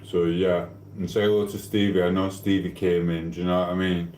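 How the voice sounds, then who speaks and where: A man with a lowish voice chats away to his live-stream viewers in an easygoing, rambling way, often asking if they know what he means and breaking into laughter. His voice rings a little in a roomy home kitchen, with a faint hum of background sound behind him. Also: flat delivery, a little fast, darkish tone. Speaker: livestreamer chatting with viewers. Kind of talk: casual live-stream chat. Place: home kitchen while cooking.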